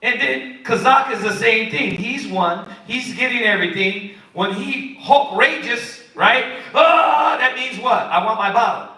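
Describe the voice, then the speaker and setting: A man teaching the Bible in a lively, preachy way, acting out what kids and parents say. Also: very high-pitched, a little slow, few pauses. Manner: animated, preachy, acts out quotes of kids and parents. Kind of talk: sermon-style teaching. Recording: echoey room, far from the mic.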